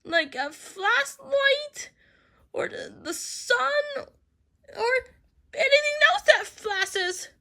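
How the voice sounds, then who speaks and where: A small, fretful child played by a woman stammers and trembles through a homemade cartoon. The voice is very high and bright, the pace slow and drawn out, with soft music playing underneath. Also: big pitch swings, heavily acted. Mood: frightened. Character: small scared child, Nina.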